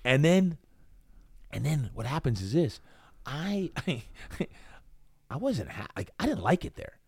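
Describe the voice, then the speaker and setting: A bit high and a bit slow, his voice husky, the middle-aged fitness coach from New Jersey animatedly tells a personal story as a podcast guest, acting out the quoted lines with lots of energy. Studio quality, no echo.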